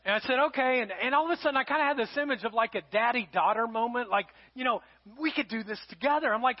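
High-voiced man preaching a sermon. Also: fast talker, few pauses. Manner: storytelling, rising to loud emphasis, dropping to hushed tones. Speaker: pastor. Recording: dull lo-fi sound.

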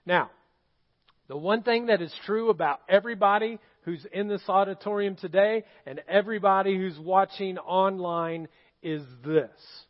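Pastor guy preaching in a church auditorium, really high voice, kinda dull lo-fi sound, tells stories and asks the crowd stuff. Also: moderate pace. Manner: storytelling, asks the congregation questions. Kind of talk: sermon.

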